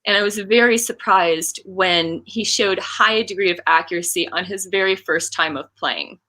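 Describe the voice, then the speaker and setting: A woman's voice: mid-range voice, normal speed, bright, forceful tone. A woman in her forties, a coach, telling a heartfelt personal story in an interview and acting out the quoted lines. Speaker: guest, coach and card game creator.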